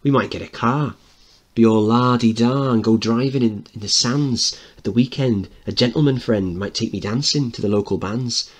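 A man's voice: mid-range voice, moderate pace, pitched above the performer's own voice, natural voice. A man reading a play aloud, singing the part of a brash, hopeful working-class mother. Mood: singing dreamy. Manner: sings loud and bold, puts on a posh voice.

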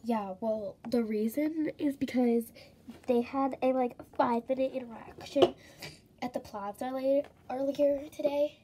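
A woman voicing a shy, awkward teenage boy in a toy role-play, talking in a low, hesitant mumble. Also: unhurried, background noise. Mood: explaining.

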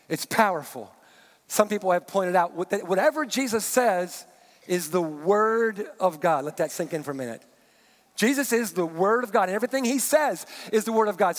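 High-voiced pastor preaching in a reverberant sanctuary. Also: male voice. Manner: conversational, with asides and quick restarts. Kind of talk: sermon with scripture reading. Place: church sanctuary. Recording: long reverb of a large hall.

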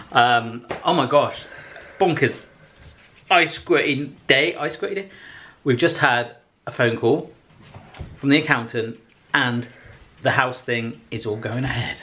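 A man's voice: mid-range voice, slow pace, long pauses, sharp tone. A man hosting a casual vlog, chatty and jokey. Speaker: vlog host.

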